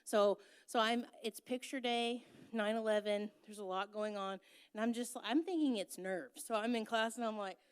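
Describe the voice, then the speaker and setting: A woman's voice: a little high, moderate pace, smooth. Young woman telling a candid story. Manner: candid, self-mocking, laughing. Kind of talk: personal storytelling.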